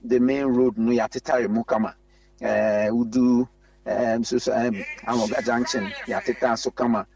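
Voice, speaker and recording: A gravelly-voiced man speaks over a dull, muffled phone line, held a little away from the mouth. He is a politician on a radio call-in who talks haltingly and fills pauses with sounds. The line is dry, with no room around it. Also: medium pitch, darkish tone, no room sound, far from the mic. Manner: halting, many filler sounds, lists places at length. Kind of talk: phone interview.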